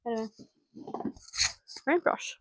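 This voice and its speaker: Young woman, hairdressing student, relaxed vlog chatter, quick laughs, casual swearing. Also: low-quality recording.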